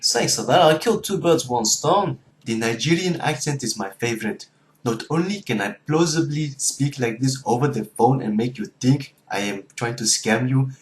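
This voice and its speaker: A man who presents his own video and switches between many mimicked foreign accents while talking. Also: medium pitch. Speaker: YouTuber. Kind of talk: accent impression showcase.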